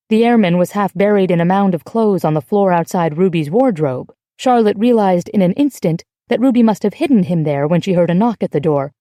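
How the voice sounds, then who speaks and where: Mellow-voiced woman narrating an audiobook. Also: medium pitch, no room sound, clean studio sound. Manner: even, measured storytelling. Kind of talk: scripted narration.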